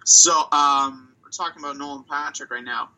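A man's voice: fairly high pitch, steady tone, moderate pace, sharp tone, low-quality recording. A man co-hosting a hockey podcast, talking casually and thinking aloud as he weighs prospects and reads out stats. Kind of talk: casual chat.

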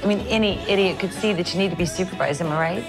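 A woman's voice: fairly low pitch, very fast, over music, lightly acted. A middle-aged actress playing a stern, condescending mother, in a film trailer.

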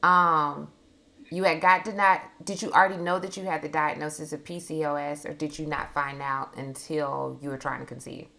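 A woman's voice: low-pitched, fairly even intonation, moderate pace, creaky, bright, forceful tone. A woman hosting an interview, listening closely and asking follow-up questions. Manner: attentive, asks follow-up questions. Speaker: interview host. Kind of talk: casual interview.

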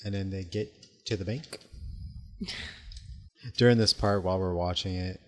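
A man's voice: deep voice, steady tone, normal speed, a bit bright. A tired man co-hosting a casual podcast chat, rambling, asking questions and correcting himself. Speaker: podcast co-host. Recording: long hall reverb.

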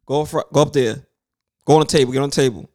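A man in his thirties telling a story in casual chat, animated and swearing freely, acting out other people's lines. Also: medium pitch, fast. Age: 30s.

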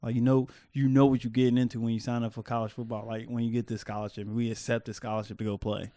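A man's voice: mid-range voice, little pitch movement, quick pace, warm tone, dry recording, clean studio sound. A man co-hosting a podcast, blunt and joking with profanity. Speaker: podcast co-host. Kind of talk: casual chat.

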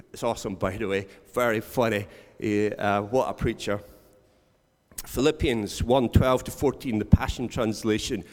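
A man preaching a sermon, earnest and storytelling, repeating words for emphasis. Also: mid-range voice. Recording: long reverb of a large hall.

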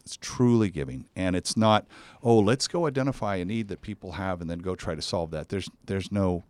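A man's voice: low-pitched, brisk, a little mellow, no echo. A man hosting a podcast in casual chat, effusive and enthusiastic in his praise. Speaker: podcast host.

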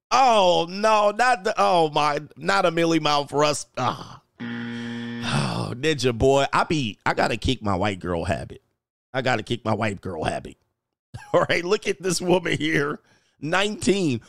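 A man's voice: on the high side, expressive, unhurried, gravelly, fairly bright tone, dry recording, clean studio sound. A man hosting his channel as a coach, joking through casual reaction commentary and reading news stories aloud.

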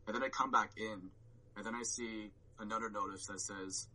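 A man's voice: fairly low pitch, fairly even intonation, normal speed, bright, forceful tone, poor audio. A man telling a story on a podcast, rambling with lots of "like" and swearing and acting out his own reactions. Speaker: podcast guest. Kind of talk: casual storytelling chat.

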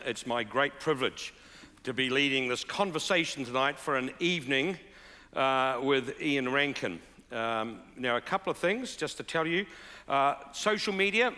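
A man's voice: medium pitch, sharp tone, clear, resonant tone. A man hosting an onstage conversation, chatty and upbeat with fillers. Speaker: interviewer. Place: large hall with live audience. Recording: reverberant large hall.

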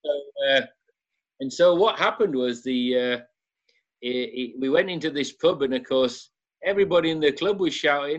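A man's voice: a little high, moderate pace. A man, a former football club director, telling a casual anecdote and laughing as he goes. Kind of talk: casual storytelling. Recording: dull lo-fi sound.

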